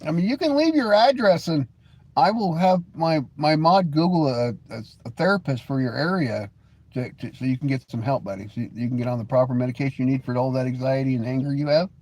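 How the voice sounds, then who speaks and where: A man's voice: medium pitch, a little fast, darkish tone. A man hosting his own live stream, chatting casually with viewers and reading the chat, teasing mockingly, laughing often and stumbling over repeated words. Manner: mocking, sarcastic teasing with frequent stammered restarts.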